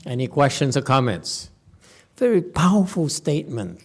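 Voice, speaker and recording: In a temple hall, a Buddhist master with a medium-pitched voice that swings widely teaches a sutra to a live group in a conversational Dharma lecture. He speaks casually, often pausing to check in with "okay?" and "hmm?", restarting sentences haltingly and dropping dry, playful jokes.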